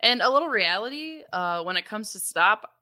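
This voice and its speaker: A woman's voice: mid-range voice, lively intonation, normal speed, bright, forceful tone. A young adult woman co-hosting a parenting podcast, explaining things in a chatty, casual way with frequent laughs and fillers. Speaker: podcast co-host.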